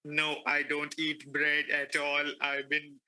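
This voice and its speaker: A man's voice: on the high side, slow, low-quality recording. A man from India on a comedy podcast panel, talking casually and expressively. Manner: expressive, laughs often. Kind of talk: casual chat.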